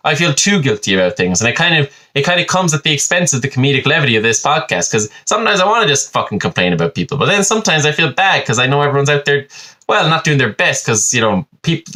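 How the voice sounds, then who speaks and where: A man's voice: mid-range voice, sharp tone. A young man, hosting a podcast in a rambling, sweary and self-mocking comic monologue. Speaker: podcast host.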